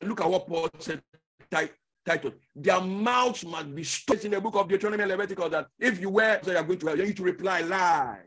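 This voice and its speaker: High-voiced preacher with dramatic swings. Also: male voice, a little fast. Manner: emphatic, repeats key words, swings from loud bursts to low asides; asks rhetorical questions and checks in with the listeners. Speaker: pastor. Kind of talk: teaching sermon.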